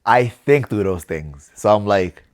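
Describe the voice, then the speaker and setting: With a fairly low, expressive voice and no rush, a young adult podcast co-host reasons through topics in relaxed conversation. Restarts pop up often as he thinks.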